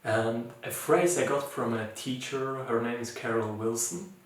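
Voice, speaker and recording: Soft-spoken man, distant and echoey. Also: medium pitch, a little slow. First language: not English. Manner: gentle, searching, with many fillers and restarts. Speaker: mindfulness teacher. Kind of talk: informal recorded talk. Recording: echoey room, voice from far off.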